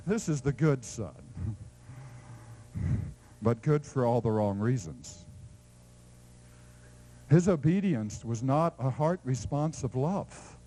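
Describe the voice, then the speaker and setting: A man preaching a sermon in a lively, playful storytelling way, swinging between loud exclamations and hushed asides. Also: medium pitch, slow, long pauses, poor audio.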